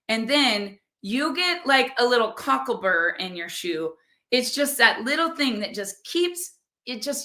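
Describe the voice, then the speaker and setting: A woman's voice: a little high, bright, forceful tone. A middle-aged woman giving a motivational talk as podcast host, emphatic and repeating phrases for punch.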